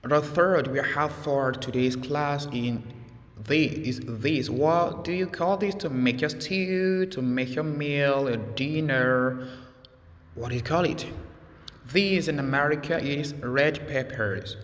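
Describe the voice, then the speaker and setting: A man teaching an English vocabulary lesson, speaking slowly and deliberately and repeating words for his learners. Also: a little high. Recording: echoey, dull lo-fi sound.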